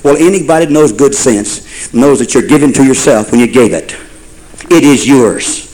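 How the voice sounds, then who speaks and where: A man's voice: mid-range voice, expressive, moderate pace, darkish tone, low-quality recording. A man preaching a sermon in a folksy storytelling way, building to fervent repeated phrases.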